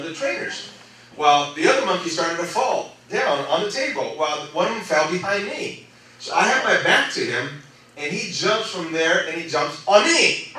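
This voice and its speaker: Animated pastor in an echoey church. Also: male voice, sits high, slight background noise. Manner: animated, acts out voices in his story. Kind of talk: storytelling sermon. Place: church sanctuary. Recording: echoey church hall, mic at a distance.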